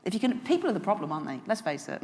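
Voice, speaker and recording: A woman's voice: mid-range voice, big pitch swings, very fast, darkish tone, long reverb tail. A woman around fifty, a guest author on stage at a lunch event, chatting candidly and laughing often. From England, West Midlands. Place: large hotel function room.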